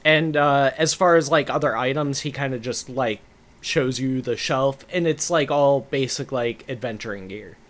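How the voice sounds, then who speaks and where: A man's voice: mid-range voice, normal speed, fairly bright tone. Chatty man running a tabletop game. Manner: loose and chatty, heavy on filler words and swearing. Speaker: game master. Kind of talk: casual tabletop game narration.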